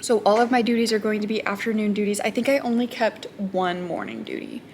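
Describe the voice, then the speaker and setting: A woman who teaches high school math, chatting casually to camera in a self-deprecating way and laughing often. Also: fairly even intonation, brisk, darkish tone. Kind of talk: casual vlog chat. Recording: noticeable background noise.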